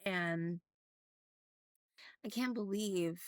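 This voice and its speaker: A woman's voice: lowish voice, very slow, dry recording. A middle-aged woman from Oregon, candidly telling a personal story in a rambling vlog with many restarts. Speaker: vlogger.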